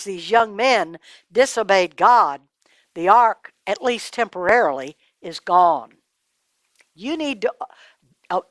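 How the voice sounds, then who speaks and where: Animated woman telling Bible stories. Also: mid-range voice, no echo. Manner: animated, dramatic, drops to a hush. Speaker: Bible storyteller. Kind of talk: children's Bible storytelling.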